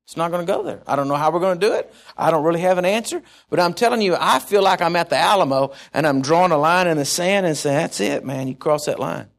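A man from Texas, preaching a sermon as pastor, swinging from loud passages to hushed ones. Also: a little high, fast talker, hardly any pauses.

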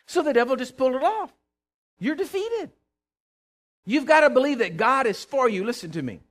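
A man's voice: high-pitched, a bit bright. A middle-aged man preaching a fervent sermon, calling on the congregation to answer him. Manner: fervent, calls for responses from congregation. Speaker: pastor.

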